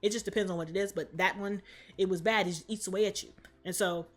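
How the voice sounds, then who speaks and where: A woman's voice: mid-range voice, fairly even intonation, fast talker. A woman vlogger giving a comic movie recap in slangy, profane talk.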